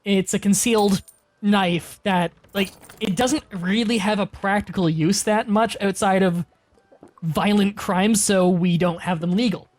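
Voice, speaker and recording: A woman from Canada in casual chat, reacting quickly and explaining with fillers. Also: medium pitch, darkish tone. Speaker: stream co-host.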